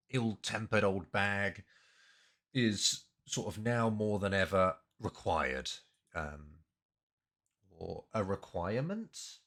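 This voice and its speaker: Male streamer, low-ish voice, unhurried and hesitant while explaining language. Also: bright, forceful tone. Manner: hesitant, thinking aloud, many fillers. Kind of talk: casual language breakdown.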